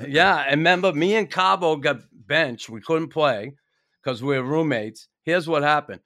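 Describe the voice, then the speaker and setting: A man's voice: a little high, normal speed, fairly bright tone, no room sound, clean studio sound. A man hosting a podcast, chatting casually with emphatic, salty remarks and pointed questions. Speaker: podcast host. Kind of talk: casual chat.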